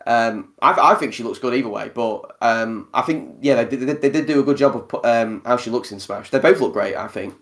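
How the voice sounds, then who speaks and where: A man hosting a relaxed podcast conversation at an ordinary middle pitch. He talks in an animated way and breaks into laughter often. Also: fairly quick, few pauses. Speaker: podcast host. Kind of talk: casual podcast chat.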